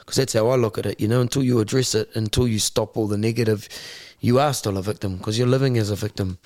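A blunt, fast-talking New Zealand man. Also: on the low side, steady tone, a little mellow, no echo, studio quality. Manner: blunt, swears freely, repeats words as he restarts; acts out other people's voices in his stories. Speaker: podcast guest. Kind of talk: candid conversational storytelling.

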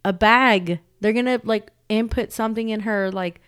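A woman's voice: mid-range voice, moderate pace, clean tone. A young woman telling a story to her vlog audience, swearing often and filling her talk with "like", getting heated as she rants. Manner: animated ranting with frequent swearing and "like". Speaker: vlogger.

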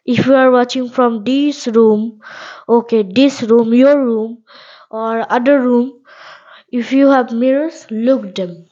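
A woman hosting a spoken English lesson podcast, talking in halting, repetitive simple phrases and checking in with "okay?". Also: a little high, fairly even intonation, dark tone, dull audio. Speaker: podcast host and English teacher.

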